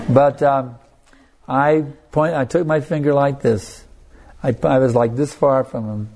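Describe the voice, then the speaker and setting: A man preaching in a relaxed, conversational way, turning to his listeners again and again. His voice is mellow and dark with a gravelly fry running through it, and he restarts his sentences often as he tells his story. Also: mid-range voice, a little slow, slight background noise. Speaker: spiritual teacher. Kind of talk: anecdotal sermon.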